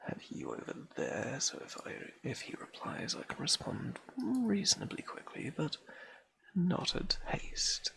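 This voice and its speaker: A man's voice: fairly high pitch, huge pitch swings, unhurried, vocal fry, whispered. A man reading poetry aloud on a live stream, working through dialect verse and correcting his own slips. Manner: reads Scots dialect verse aloud, stumbles and corrects himself.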